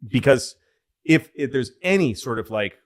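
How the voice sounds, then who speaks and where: A man on a comedy podcast telling a long rambling story in casual chat, profane and loose, breaking into loud excited bits. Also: mid-range voice, normal speed. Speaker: podcast co-host.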